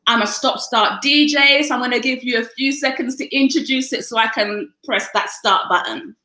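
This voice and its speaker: A woman's voice: fairly high pitch, moderate pace, sharp tone, reverberant. A woman radio host chatting with a guest in a bubbly, self-mocking way, often apologizing and laughing at herself. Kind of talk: casual live-stream interview.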